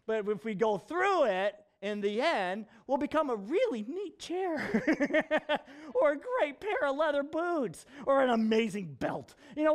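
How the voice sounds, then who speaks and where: A man with a very high voice preaches in a casual, conversational way. He is animated and joking as he drives his points home. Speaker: pastor. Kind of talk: sermon in a casual vlog.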